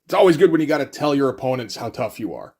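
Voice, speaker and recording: A man's voice: mid-range voice, very animated, fast, a little mellow, breathy edge. Man giving wry, rambling comic commentary. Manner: wry, rambling, frequent fillers. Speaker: comic reviewer.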